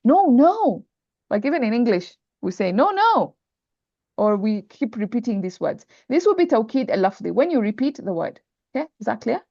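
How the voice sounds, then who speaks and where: A woman's voice: on the high side, animated, a little fast, vocal fry, warm tone, no room sound. A woman teaching Arabic grammar in an online class, patiently repeating terms and checking that students follow. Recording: dull lo-fi online call audio.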